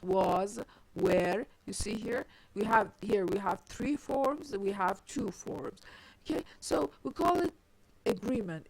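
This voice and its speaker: A woman's voice: mid-range voice, dry recording, rough recording. A woman lecturing on syntax, explaining tree diagrams step by step and often restarting with "I mean". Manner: halting, with frequent "I mean" restarts. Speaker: linguistics lecturer. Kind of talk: recorded grammar lecture.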